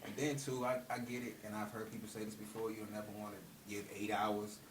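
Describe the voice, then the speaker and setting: A man with a fairly low voice asks loose, wandering questions in a casual chat. He sounds set back from the mic, and his voice echoes around the room. Clear background noise runs under him. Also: level tone, a little fast. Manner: loose, rambling questions with "you know what I'm saying". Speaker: interviewer. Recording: roomy, distant mic, audible background noise.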